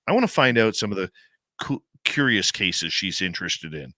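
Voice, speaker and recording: Male talk radio host, low and bright, dry studio sound. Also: sing-song, moderate pace, dry recording. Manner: upbeat promo delivery, conversational.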